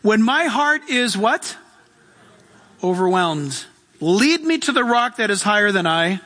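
Pastor guy preaching, high bright voice, gets loud then goes hushed, big hall reverb. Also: a little slow. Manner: animated, acts out voices, swings between shouting and hushed. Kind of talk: sermon.

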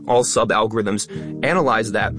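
A man, talking fast and stressing many words as an interview guest explaining his work as a video creator. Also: lowish voice, over music. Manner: fast talker. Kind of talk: casual interview talk.

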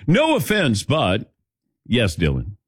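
Middle-aged guy hosting sports radio, lively up and down voice, dry studio mic, chatty. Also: mid-range voice, slow, husky, dry recording. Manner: chatty, storytelling, laughs often. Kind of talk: casual sports talk.

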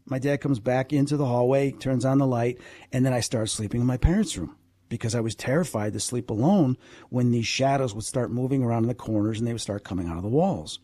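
A man who is a guest, telling animated anecdotes with frequent asides in a conversation. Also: mid-range voice, brisk, no echo. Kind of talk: storytelling in a conversation.

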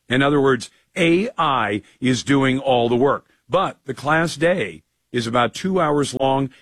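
A man hosting a talk radio show, brisk and opinionated, a little hoarse today. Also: mid-range voice, fairly bright tone, dry recording. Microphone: studio broadcast mic.

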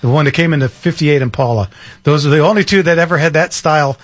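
A man's voice: fairly high pitch, fast. A man hosting a call-in radio show, chatting casually with many restarts and fillers. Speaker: radio host. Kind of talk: casual talk radio chat.

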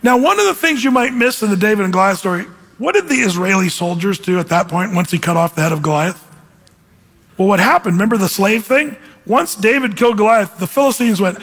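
A man preaching a sermon as pastor, lively and animated, acting out quoted voices. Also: sits high, a little fast, husky. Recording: hall reverb.

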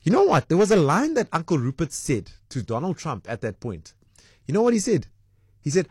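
A man's voice: a little high, wildly swooping pitch, a little fast, darkish tone, husky, dry recording, studio quality. A man hosting a breakfast radio call-in show, chatting and reading out listener messages with plenty of ums and uhs. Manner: chatty, reads out listener messages with many fillers.

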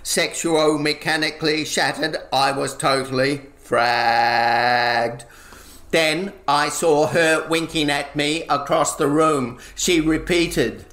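A man performs comic spoken-word poetry in a slow, rhythmic, deadpan voice that sits a little high. He leans on chanted repetitions. The room gives his voice a roomy echo. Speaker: performance poet.

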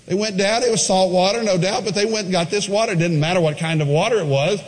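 A man preaching a sermon, retelling a scripture story with lively swings between quiet asides and high, excited quoted voices. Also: quick pace, hardly any pauses, big-room sound, rough recording. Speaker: pastor.

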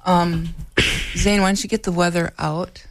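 A woman hosting a local radio show, chatting casually and clearing her throat now and then. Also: on the low side, fairly even intonation, measured pace, no echo. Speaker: radio host.

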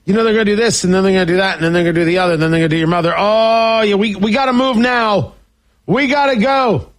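A man's voice: high voice, lightly acted. A man doing a frantic, panicky man with a Boston accent, hurrying his family to pack up and leave. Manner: frantic, hurried. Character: panicky middle-aged man fleeing the city.

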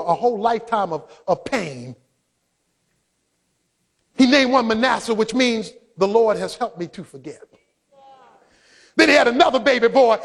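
A man preaching a sermon, swinging between loud shouted passages and quiet, low asides. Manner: preaching, rising to shouts then dropping low. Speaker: pastor. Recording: long hall reverb.

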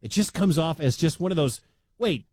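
Man from the Midwestern US, sports talk radio host, lively and emphatic delivery, dry studio sound. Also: fairly high pitch, normal speed, no room sound. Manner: animated, conversational, emphatic.

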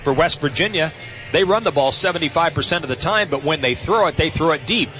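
Bright-voiced folksy male radio broadcaster. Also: on the high side, expressive, a little fast, muffled recording, faint music behind. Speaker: play-by-play radio voice of the team. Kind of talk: radio sports analysis. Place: football stadium broadcast booth.

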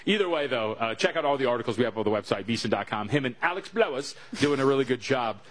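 A man from the United States co-hosting a sports betting show, talking in quick, joking, rambling banter. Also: mid-range voice, fairly bright tone.

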